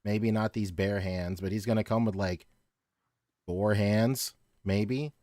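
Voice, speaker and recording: A man co-hosts a casual live-stream podcast and talks through his guesses in a relaxed way. His voice is lowish. The sound is dry and close. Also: slow pace, no room sound. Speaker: podcast co-host.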